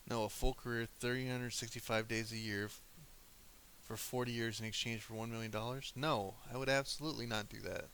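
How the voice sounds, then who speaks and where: A man chats casually and argues with his live chat, crude and joking. His voice is bright and forceful. A faint hiss runs under the recording. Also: mid-range voice, steady tone, brisk. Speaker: streamer.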